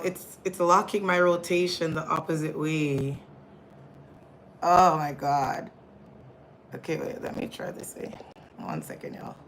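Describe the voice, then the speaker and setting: Low-voiced woman host talking to viewers into her phone on a casual live stream, flustered and chatty. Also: fairly bright tone, a little hiss or hum, poor audio. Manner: chatty, flustered, often addresses viewers as y'all. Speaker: livestream host. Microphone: phone camera.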